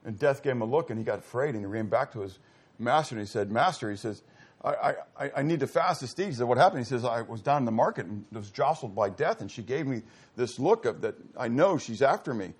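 A man's voice: mid-range voice, expressive, quick pace, husky. A male pastor preaching a sermon, asking rhetorical questions and restarting phrases with stammers.

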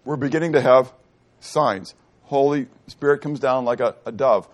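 A middle-aged man preaching a sermon, asking the congregation questions and answering them himself, moving between loud and quiet delivery. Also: medium pitch, normal speed. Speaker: pastor. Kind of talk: sermon teaching.

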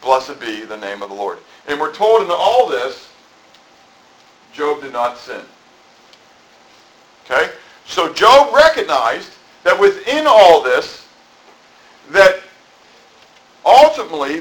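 A man's voice: high-pitched, big pitch swings, slow, long pauses, fairly bright tone, poor audio. A middle-aged man preaching a sermon in a conversational, rambling way, full of asides. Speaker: pastor. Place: church.

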